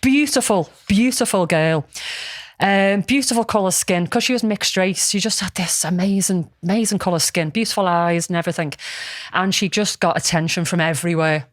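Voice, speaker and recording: A woman's voice: lowish voice, moderate pace, no echo, clean studio sound. A woman, casually telling a story on a podcast, rambling with lots of ums and restarts. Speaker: podcast co-host.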